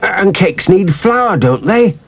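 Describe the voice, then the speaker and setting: Excitable young boy, eager, bright lifted voice; male narrator. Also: sits high, vocal fry, breathy edge, voice pushed up, exaggerated voice. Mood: excited. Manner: excited, quick to chime in.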